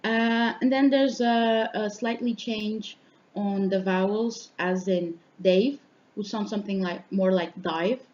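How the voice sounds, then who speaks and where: A young woman delivers a student oral presentation at a mid-range pitch. She explains her points one by one and fills her pauses as she goes. The recording is dull and lo-fi, with a faint hiss of noise behind her. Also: steady tone, a little mellow. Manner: explanatory, pausing with fillers.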